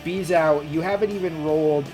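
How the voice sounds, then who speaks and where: Casual gm narrating a tabletop game, lots of uhs, mid pitch, faint music in the back. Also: fairly even intonation, normal speed. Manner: casual, many fillers and restarts, laughs often. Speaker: game master.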